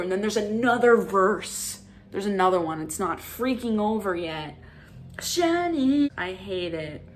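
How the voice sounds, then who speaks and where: An exasperated young woman in her 20s rants animatedly about films in a casual movie review monologue for her vlog. Her voice is mid-range, with slight background noise.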